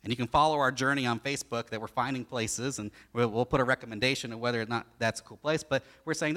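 A man preaching a sermon as pastor, animated and acting out the story as he goes. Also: medium pitch, quick pace, hardly any pauses. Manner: animated, acts out the story in voices.

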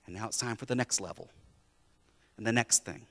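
Male pastor, sermon delivery, emphatic with repeated phrases, bright forceful voice, long church reverb. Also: lowish voice, a little fast, long pauses.

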